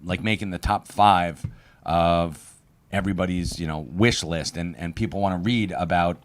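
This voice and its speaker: A man's voice: low voice, steady tone, moderate pace, dry recording. A man who runs a comic shop, chatting casually and bluntly, grumbling about publishers and often trailing off into mumbles. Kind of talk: casual podcast chat.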